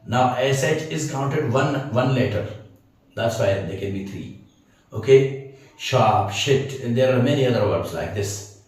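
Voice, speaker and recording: A man's voice: medium pitch, expressive, a little slow, darkish tone. A man teaching an English grammar lesson, hesitating often with fillers and checking that listeners understand. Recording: very echoey room, mic far off.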